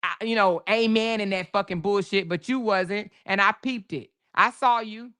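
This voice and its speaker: A woman hosts a livestream and vents straight at her chat in a casual rant. She swears freely and calls out viewers by name. Her voice stays smooth and resonant under all the heat. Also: mid-range voice, moderate pace, a bit bright. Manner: heated and profane, addressing viewers directly. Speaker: livestream host.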